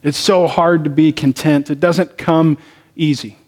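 A man's voice: on the high side, fairly even intonation, measured pace, a little mellow. A man, a pastor, preaching a sermon and telling personal stories in a conversational way. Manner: conversational storytelling, personal anecdotes.

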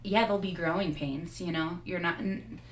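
A woman with a low voice talks earnestly as a radio guest, often restarting her sentences. The room sounds echoey, with a faint hiss of noise behind her. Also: fairly even intonation. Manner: earnest, halting, with frequent restarts. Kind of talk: casual conversation.

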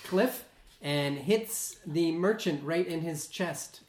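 A game master calmly narrating a tabletop game and calling for dice rolls, in a measured manner with fillers. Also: mid-range voice. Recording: echoey room with background noise.

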